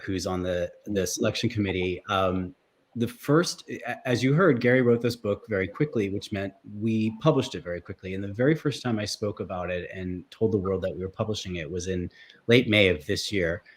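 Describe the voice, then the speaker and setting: Man, book editor, interview moderator, measured, courteous, lowish voice.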